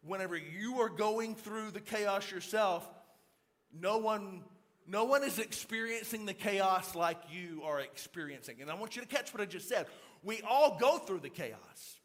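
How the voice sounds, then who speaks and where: A man preaching a sermon to a church congregation, telling a story with lots of repeated words and acted-out shouts. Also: high-pitched, measured pace. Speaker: pastor. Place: church auditorium.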